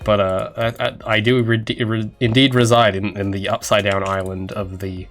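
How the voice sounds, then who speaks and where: A man's voice: lowish voice, little pitch movement, moderate pace, fairly bright tone, soft background music. A young Australian man livestreaming his game development, chatting casually and rambling with self-mocking jokes to his viewers while he codes. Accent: Australian, often taken for Canadian. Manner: rambling, self-mocking, jokey asides to chat. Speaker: indie game developer streaming.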